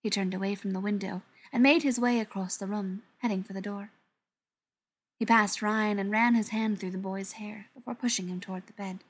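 A woman narrating a novel aloud in an expressive storytelling manner, sometimes dropping to near-whispers. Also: medium pitch, moderate pace, slightly rough. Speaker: audiobook narrator. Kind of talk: scripted narration.

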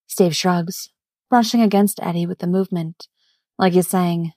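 A woman reading a fan story aloud in a gentle storytelling manner, smiling as she reads. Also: fairly low pitch, fairly even intonation, moderate pace, no room sound, studio quality. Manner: gentle, warm storytelling with a smile in the voice. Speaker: fan fiction reader. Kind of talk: audiobook-style story narration.

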